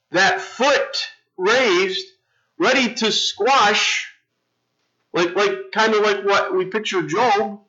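Man, middle-aged pastor, conversational sermon, fairly high bright voice, dull lo-fi recording. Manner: conversational, storytelling with self-interruptions and restarts. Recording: dull lo-fi sound.

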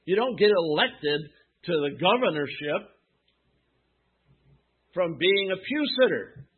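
Husky high-voiced preacher on a tinny line. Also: male voice, expressive, slow. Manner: emphatic, rhetorical questions and answers. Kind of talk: sermon. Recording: tinny phone-like sound.

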